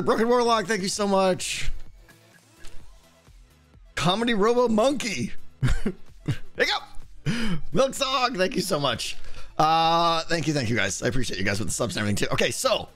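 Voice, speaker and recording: Young male streamer, hiccuping, animated and chatty, slightly high voice, faint music bed. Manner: chatty, thanks viewers by name, interrupted by hiccups. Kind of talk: casual live-stream chat while gaming.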